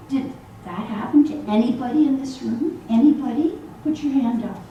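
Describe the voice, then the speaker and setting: A woman minister giving a sermon to a congregation in a church hall, animated and acting out the voices she quotes. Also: high voice, moderate pace, slight background noise. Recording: echoey hall, voice from far off.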